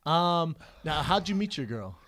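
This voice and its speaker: A man co-hosting a podcast, chiming in with quick questions in casual chat. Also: a little high, big pitch swings, a bit bright. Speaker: podcast co-host.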